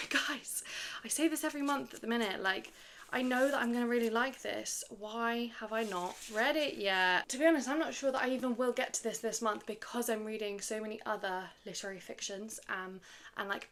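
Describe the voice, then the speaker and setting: A woman's voice: fairly high pitch, a bit bright, slight background noise. Woman rambling about books to camera, lots of um and like, little laughs. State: slightly out of breath. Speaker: book vlogger. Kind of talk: casual chat to camera.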